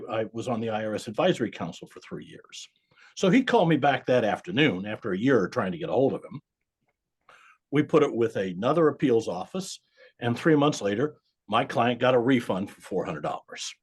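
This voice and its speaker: A man's voice: medium pitch, expressive, brisk, slightly rough. A man in his seventies, a guest accountant telling stories bluntly and emphatically in a podcast interview, swearing now and then. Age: 70s.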